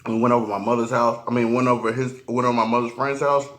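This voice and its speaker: A man's voice: medium pitch, level tone, fairly bright tone. A man telling a personal story while eating on camera, slangy and profane, often stopping and restarting. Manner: halting, restarts a lot. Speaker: mukbang vlogger.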